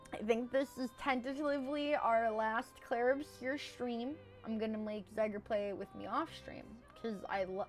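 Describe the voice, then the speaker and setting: A young woman with a high-pitched, squeaky voice, chatting casually and rambling on a live stream, swinging between loud and hushed. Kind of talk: casual chat.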